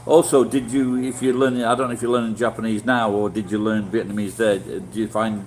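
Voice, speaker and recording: A man's voice: on the low side, level tone, brisk, a little mellow, slight background noise, poor audio. A middle-aged man with a Yorkshire accent, chatting casually with live viewers in a rambling, blunt way and swearing freely. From Yorkshire, England. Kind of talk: casual livestream chat.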